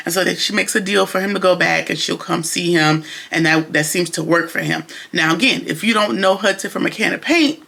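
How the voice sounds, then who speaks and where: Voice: medium pitch, gravelly, sharp tone. A TV reviewer recapping an episode in casual, sassy commentary, full of exasperated slangy asides.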